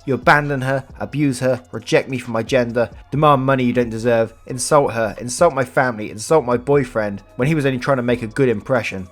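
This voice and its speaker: A man voicing an enraged nineteen-year-old woman who shouts and swears at her father. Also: mid-range voice, a little fast, few pauses, faint music behind, pitched above the performer's own voice, close to an everyday voice. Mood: furious.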